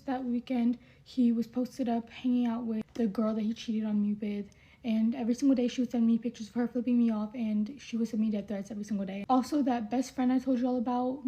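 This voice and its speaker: Young woman, high, sharp bright voice, offhand storytime vlogger. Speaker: storyteller getting ready on camera. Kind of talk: casual get-ready-with-me storytime.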